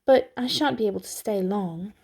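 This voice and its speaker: A woman's voice: mid-range voice, moderate pace, gravelly, a little mellow, slightly rough. A woman voicing a curious, well-mannered young girl in a storybook reading, puzzled and earnest. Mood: puzzled, polite.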